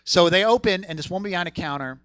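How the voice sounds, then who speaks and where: A man doing a stand-up set on a comedy theater stage, profane, swinging from low mutters to loud punchlines. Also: fast talker, no room sound.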